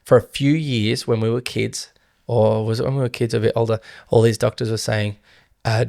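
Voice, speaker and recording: A man's voice: mid-range voice, fairly even intonation, moderate pace, creaky, few pauses, darkish tone. A man, talking casually and at length on a podcast, wandering off into jokes and playful voices. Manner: chatty, rambling, slips into playful voices. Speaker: podcast co-host. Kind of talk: casual chat.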